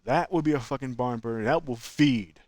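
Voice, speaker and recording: A man's voice: mid-range voice, moderate pace, no room sound. Opinionated man in casual fan talk. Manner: opinionated, animated, slangy. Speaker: channel host.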